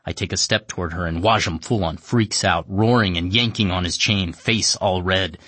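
Brief: husky male narrator, deadpan comic storytelling. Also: sits low, normal speed, hardly any pauses, no echo. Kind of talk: comic first-person story reading.

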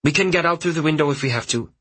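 Audiobook role: man doing a measured, husky-voiced teen boy, pitched up, every word carefully articulated. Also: a bit bright. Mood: tense but calm. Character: calm, careful teenage boy on an emergency call. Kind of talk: audiobook character voice.

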